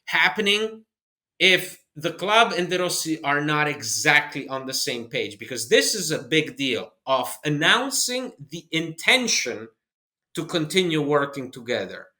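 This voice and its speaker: A man co-hosting a football podcast, making his points in an emphatic, measured way with some halting restarts. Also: fairly high pitch, expressive, sharp tone, roomy sound. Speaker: podcast co-host. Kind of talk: casual podcast chat.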